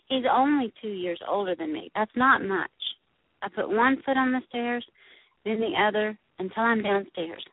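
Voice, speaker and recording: In a tinny, phone-like dry recording, a woman narrates an audiobook in a young girl's first-person voice, keeping the telling plain and childlike. Her pitch is medium and her pace moderate.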